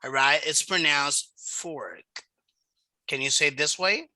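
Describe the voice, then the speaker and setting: A woman teaching English to a child over a video call, speaking slowly and patiently and modelling each word's pronunciation. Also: low voice, bright, forceful tone, no room sound, poor audio. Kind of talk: online class with a child.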